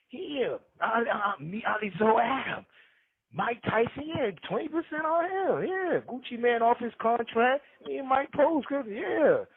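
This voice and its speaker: This man's voice sits very high and comes through husky and breathy. He tells slangy, rambling stories, hopping from one name to the next. The sound is thin and tinny, like a phone call. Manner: slangy, jumps between names and stories. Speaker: podcast guest. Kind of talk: rambling street storytelling.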